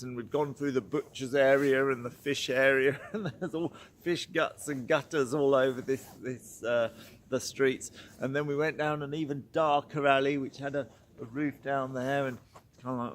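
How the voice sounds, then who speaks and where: A man's voice: mid-range voice, slight background noise. A man telling a horse-training story in a casual, chatty way, laughing often and acting out quotes.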